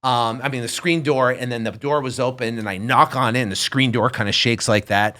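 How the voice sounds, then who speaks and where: A man in his fifties, appearing as a podcast guest, tells a story in casual conversation and acts out the voices of the people in it. He's animated, with a medium-pitched voice and a fairly quick pace.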